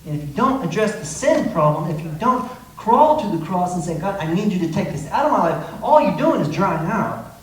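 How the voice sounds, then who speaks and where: A man's voice: high-pitched, sing-song, brisk. Male pastor, impassioned sermon, very echoey church room, distant mic, faint hiss. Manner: impassioned preaching with acted quotes. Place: church sanctuary.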